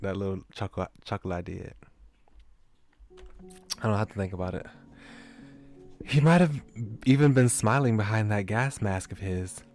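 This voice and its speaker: Lower-voiced man reading a game. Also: lively intonation, normal speed, long pauses, a little mellow, faint music behind. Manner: chatty, self-deprecating, laughs often. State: voice getting scratchy. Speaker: streamer. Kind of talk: visual novel reading and commentary.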